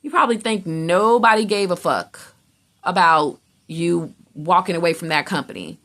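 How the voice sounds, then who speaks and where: A woman's voice: on the low side, lively intonation, moderate pace, a bit bright. A woman giving a casual tarot reading in a blunt, emphatic way, swearing freely and acting out how other people react. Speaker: tarot reader.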